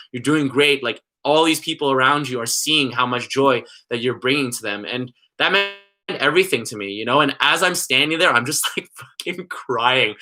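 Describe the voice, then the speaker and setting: With a pushed, bright, mid-range voice, a young man who vlogs spins a long, wandering tale in relaxed chat, leaning heavily on "like" and "you know."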